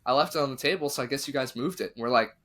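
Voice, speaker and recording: Speaking very fast in a mid-range voice, a man hosting a podcast chats through a spooky story. He brings it to life by animatedly acting out quotes from the people in it.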